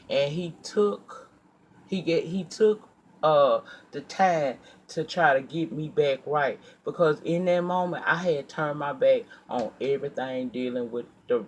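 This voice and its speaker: In a laid-back storytime monologue, this male vlogger recounts something from his own life, his mid-range voice carrying over slight background noise. He swears and performs his angry outbursts with gusto before turning hushed and sincere as he looks back on it.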